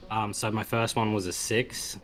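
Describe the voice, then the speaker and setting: A man playing a tabletop game, speaking quietly and unsure as he asks about the dice. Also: on the low side, level tone, normal speed, faint music behind. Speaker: player. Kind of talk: casual chat.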